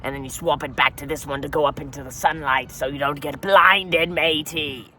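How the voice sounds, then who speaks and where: Bright-voiced man ranting in pirate talk. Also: fairly high pitch, steady tone, normal speed. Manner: pirate talk, says "matey" constantly, rambling rants. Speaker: podcast host. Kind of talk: comedic in-character pirate monologue. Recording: voice a bit distant from the mic.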